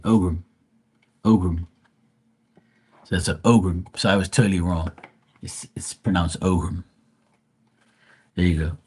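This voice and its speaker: A man with a lowish voice hosts a live tarot stream. He reads the card text out slowly, then rambles about it in a loose, offhand way full of "you know" and "like.". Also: husky. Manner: casual, rambling with many fillers. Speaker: tarot reader.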